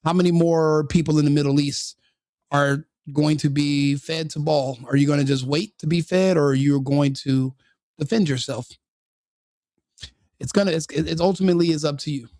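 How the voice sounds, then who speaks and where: A man's voice: fairly high pitch, steady tone, normal speed, darkish tone, no room sound, clean studio sound. A man hosting a live stream, giving opinionated commentary full of rhetorical questions and repeated restarts. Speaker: streamer host.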